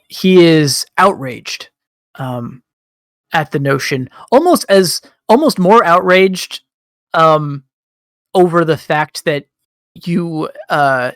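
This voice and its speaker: A man narrates a tabletop session as game master, relaxed and pausing often. His voice is fairly high with a gravelly texture, recorded dry and close. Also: no echo. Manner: relaxed, with frequent ums and pauses.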